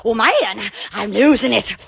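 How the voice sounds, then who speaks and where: A woman's voice: a little high, lively intonation, a little slow, vocal fry, crowd noise. A woman hosting a livestream, giddy and silly, laughing and squealing between exclamations, filmed on a phone. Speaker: livestream host. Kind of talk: goofy livestream chatter. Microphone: phone camera.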